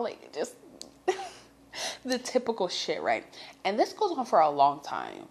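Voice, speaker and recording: A young woman telling a story in a chatty, animated way, swearing freely and talking to her listeners as girl. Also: on the low side, measured pace. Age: young adult. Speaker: storytime vlogger. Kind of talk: casual storytelling.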